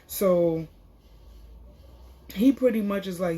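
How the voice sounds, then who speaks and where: A woman's voice: on the low side, normal speed, dark tone, breathy edge. A woman casually recapping a reality TV episode in a chatty, slangy way, full of fillers. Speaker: TV show reviewer.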